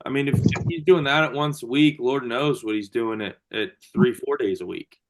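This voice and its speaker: A man's voice: mid-range voice, moderate pace, slight background noise. A male strength coach talks through a video call in a loose, easygoing way. He restarts sentences and fills gaps with "um" and "like" as he answers members' questions. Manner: loose and chatty, many fillers and restarts.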